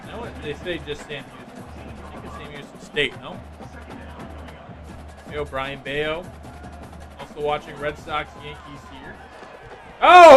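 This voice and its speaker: A man calls the plays of a football video game live, bursting into excitement on big plays and slipping into easy chatter with his viewers. His voice sits a little high, with faint music underneath. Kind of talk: live gameplay commentary.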